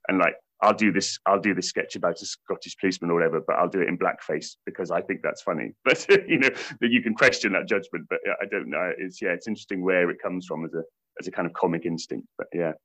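Low-voiced British man, laughing and rambling. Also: fast talker, a bit bright. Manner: rambling, laughs often, many restarts. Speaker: stage actor playing a comedian. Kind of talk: casual interview chat.

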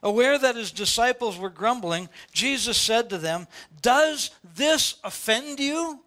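A man's voice: very high-pitched, lively intonation, measured pace, sharp tone. An older man, a pastor preaching a sermon to his congregation, pressing his points with repeated, rising questions. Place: church sanctuary before a congregation.

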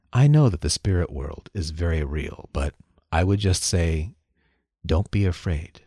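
A man hosting a podcast, narrating a first-person story in a calm, earnest way. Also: sits low, breathy edge, no echo, studio quality.

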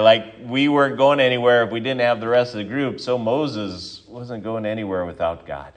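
A male pastor giving a sermon, reading scripture, then telling a story in a relaxed, conversational way with frequent restarts. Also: medium pitch, moderate pace.

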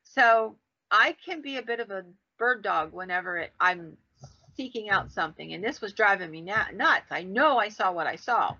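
Woman podcast host telling stories, bright punchy voice, acts out the quotes, muffled lo-fi sound. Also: moderate pace. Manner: animated, acts out quoted voices with big pitch jumps. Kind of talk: casual storytelling. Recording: dull lo-fi sound.

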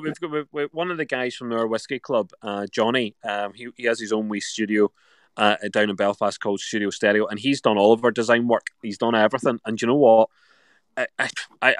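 A middle-aged Scottish man whose speech has taken on a touch of Northern Irish, rambling warmly through a live chat and leaning on "do you know what" at every turn. His voice sits at an everyday pitch and is recorded dry and close. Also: no echo. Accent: Scottish with some Northern Irish. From Scotland. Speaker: whiskey festival organiser and show co-host. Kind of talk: casual live-stream chat.

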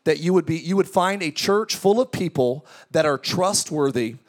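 A man preaching a lively sermon to his congregation, joking and calling out questions to the crowd. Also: a little high, normal speed. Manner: energetic, joking preaching with audience call-outs. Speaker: pastor. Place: large tent church.

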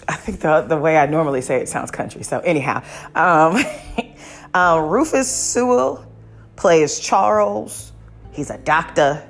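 A woman hosting her own podcast, giving a casual, rambling movie review full of ums and restarts, blunt and exasperated in her opinions. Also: low voice. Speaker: podcast host.

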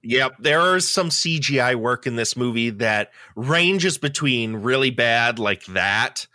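A man's voice: mid-range voice, expressive, slow pace, pushed and bright, no room sound, studio quality. A man co-hosting a podcast in casual chat, telling stories in a wry way and restarting his sentences. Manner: wry, storytelling, restarts often. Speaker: podcast co-host.

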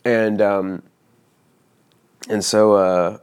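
Deep-voiced young man telling a rambling story. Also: flat delivery, very slow, darkish tone, smooth. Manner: rambling, swears freely, frequent fillers and restarts. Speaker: vlogger telling a personal story. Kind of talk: casual storytelling.

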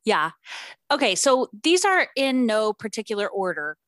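A woman's voice: a little high, big pitch swings, moderate pace, fairly bright tone, no room sound. A woman co-hosting a casual podcast, talking chattily with lots of ums and likes. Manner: chatty, uses fillers like um and like. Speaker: podcast co-host. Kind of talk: casual chat.

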